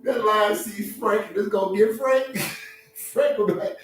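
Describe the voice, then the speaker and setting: A man's voice: high voice, unhurried, soft background music. Joking man, echoey and off-mic. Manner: joking, laughing often, acts out voices. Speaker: social media talk host. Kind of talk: casual live-stream monologue. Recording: echoey room, far from mic.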